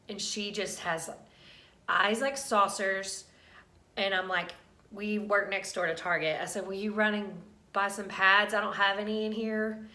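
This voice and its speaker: A woman's voice: mid-range voice, sharp tone. A woman vlogger casually telling a candid, emotional personal story to camera. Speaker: vlogger sharing a pregnancy update. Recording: roomy echo.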